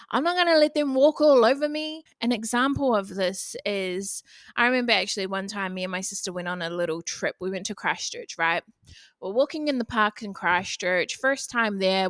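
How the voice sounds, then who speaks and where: A woman's voice: mid-range voice, fairly bright tone, no room sound, studio quality. A young woman hosting a casual solo podcast, talking bluntly and swearing freely. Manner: blunt, frequent swearing, chatty. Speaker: podcast host.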